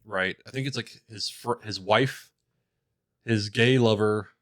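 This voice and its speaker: A man's voice: lowish voice, measured pace, a bit bright, no room sound. A young man co-hosting a podcast, telling stories in a rambling, hesitant way. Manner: rambling, hesitant, many fillers and restarts. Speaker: podcast co-host. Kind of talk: casual chat.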